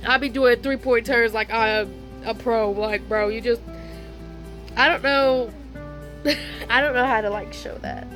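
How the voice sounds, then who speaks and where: A woman's voice: on the high side, fairly bright tone. A young woman telling a casual storytime vlog, chatty and slangy, laughing often. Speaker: vlogger. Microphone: phone.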